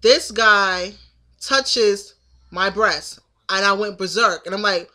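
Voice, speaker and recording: A woman's voice: mid-range voice, takes it slowly, bright, forceful tone. A woman in her thirties telling a story to the camera in a casual, indignant venting monologue. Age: 30s. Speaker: vlogger.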